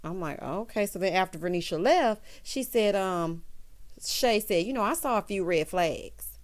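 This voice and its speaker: A woman's voice: medium pitch, moderate pace. A woman hosting a casual reality show recap, sassy and chatty, acting out the people she quotes. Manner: sassy, chatty, animated quoting of others. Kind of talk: casual commentary.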